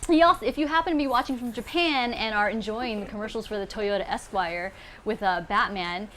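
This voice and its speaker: A young woman hosting a live panel webcast from a studio, reeling off quick, jokey introductions and laughing often. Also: on the high side, fairly bright tone, a little hiss or hum. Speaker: show host.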